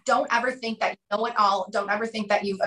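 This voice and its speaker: A woman in her thirties, a podcast guest talking through ideas and acting out quotes in animated storytelling. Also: medium pitch, fast, roomy sound, poor audio. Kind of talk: conversational interview.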